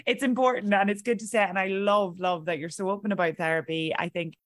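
A woman's voice: medium pitch, fairly even intonation, fast talker, no room sound, studio quality. A woman with an Irish accent hosting a casual interview, encouraging and reflective. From Ireland. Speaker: podcast host.

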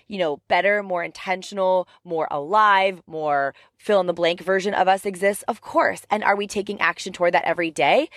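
A woman hosting her own podcast, talking in an upbeat, chatty, motivational way. Her voice is raspy from the tail end of a cough, and she is recording in her parked car on a headset mic. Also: on the low side, no room sound, clean studio sound. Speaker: podcast host and life coach. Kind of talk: energetic motivational podcast talk. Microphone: headphones with mic.

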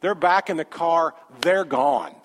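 Preacher guy, kinda high voice, chatty storytelling, big echo hall. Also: slow. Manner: conversational, animated anecdote with quoted dialogue. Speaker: pastor. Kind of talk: sermon storytelling. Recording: long hall reverb.

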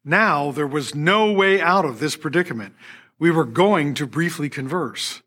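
A man's voice: on the high side, animated, a little slow, fairly bright tone. An older man hosting a podcast, narrating a personal story from a script and acting out quoted dialogue with little laughs. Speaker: podcast host and orchestra conductor.

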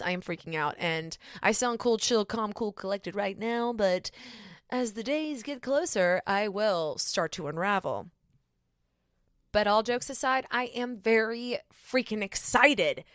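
A woman's voice: medium pitch, animated, a little slow, a bit bright, no room sound. Casting: woman, early 30s, bubbly podcast host, laughs a lot, dry close sound. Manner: bubbly, laughs often, self-teasing. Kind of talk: casual solo podcast chat.

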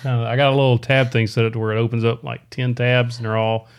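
A relaxed middle-aged man co-hosting a live stream. He reads out viewer questions in a plain, mid-pitched voice and answers them with easygoing, practical advice, chuckling now and then. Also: fast, smooth.

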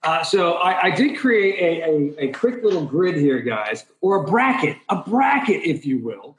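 A man's voice: high-pitched, big pitch swings, normal speed, reverberant, a crowd in the background, rough recording. A man hosting a casual chat with friends, running a game in a playful, joking emcee manner. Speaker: podcast host.

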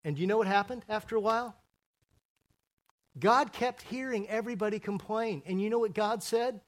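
Male pastor, higher pitch, animated sermon delivery with acted-out scenes. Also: moderate pace. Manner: animated, acts out biblical characters in voices.

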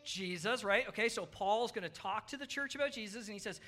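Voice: medium pitch, a little fast, few pauses, pushed and bright. A children's pastor giving a playful, upbeat children's sermon at a church service, coaxing the kids along while also addressing the adults.

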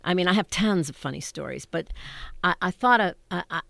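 Older woman, gravelly low voice, lively laughing anecdotes, dry close sound. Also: brisk, no echo. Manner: animated, laughing, self-interrupting. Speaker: stage actress guest. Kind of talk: anecdotal storytelling.

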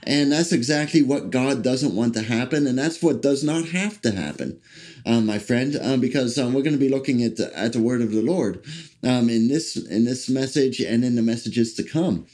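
A man preaching a sermon, speaking haltingly with many fillers and restarts and slowing down to read scripture aloud. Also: medium pitch, a little mellow.

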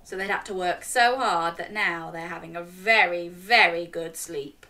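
A woman reading a picture book aloud to young children, animated and interactive, coaxing the listeners to join in. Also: on the low side, normal speed, recorded from a distance. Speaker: children's storyteller.

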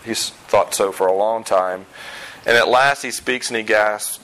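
A pastor preaching a sermon in a conversational way, with self-deprecating humor and emphatic repetition of key points. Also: male voice, on the low side, lively intonation, unhurried, fairly bright tone, rough recording. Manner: emphatic, repeats key phrases.

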